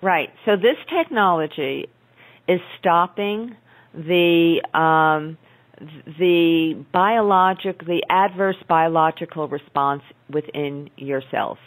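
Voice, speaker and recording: A woman's voice: lowish voice, takes it slowly, poor audio. A woman speaking as an interview guest, explaining things earnestly with many restarts and fillers. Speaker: guest, naturopathic doctor.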